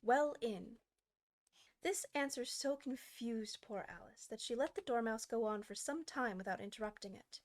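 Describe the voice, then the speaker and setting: A woman's voice: a little high, moderate pace, few pauses. Woman narrating a storybook. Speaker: audiobook reader.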